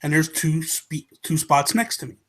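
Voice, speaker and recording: A man co-hosting a casual podcast, telling a long story and acting out each person in it. His voice sits a little high, and it rises and falls as he plays the different characters. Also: normal speed. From United States. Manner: animated storyteller, acts out the people in his story. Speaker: podcast co-host.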